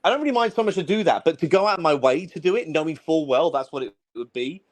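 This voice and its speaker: A blunt man with a Southern English accent chats on a casual livestream, his voice sitting a touch high. He swears offhandedly and speaks his mind. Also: lively intonation, fast. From southern England.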